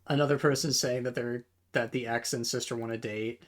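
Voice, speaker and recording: A man's voice: medium pitch, fairly even intonation, fairly quick. A man hosting a reaction video, ranting in casual commentary, exasperated and swearing a lot, stumbling over repeated words as he reads posts aloud to himself. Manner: talks to himself while reading posts aloud.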